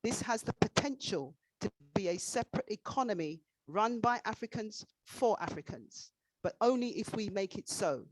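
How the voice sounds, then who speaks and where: A man's voice: high-pitched, animated, moderate pace, background noise. A man giving a formal ceremonial address at an online tribute event, speaking in a declamatory way and stressing key words.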